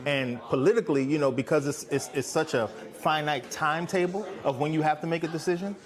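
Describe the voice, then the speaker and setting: A man's voice: on the high side, a little fast. A man speaking as a panel guest in a roundtable discussion, hesitant and restarting often.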